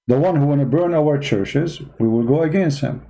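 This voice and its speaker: A man's voice: a little high, normal speed, creaky, dark tone, rough recording. A man with non-native English giving online commentary, arguing his point with rhetorical questions. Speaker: Christian commentator.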